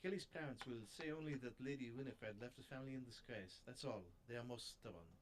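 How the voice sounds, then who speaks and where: A man voicing a formal gentleman in a mock French accent that drifts toward German, read in a stiff, theatrical way. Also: mid-range voice, fast, a little hiss or hum, natural voice. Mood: earnest.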